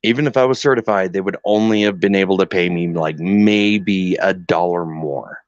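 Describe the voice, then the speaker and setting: Low-voiced male guest, animated swearing storyteller, dry muffled call audio. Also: normal speed, no echo. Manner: animated storyteller, acts out dialogues, swears freely. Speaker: guest caregiver. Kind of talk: casual chat. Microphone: online call.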